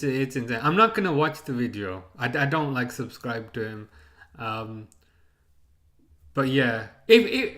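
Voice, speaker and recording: A man streaming a live football watchalong, chatting casually and ranting with many restarts. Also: mid-range voice. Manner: rambling, excitable rants with repeated restarts.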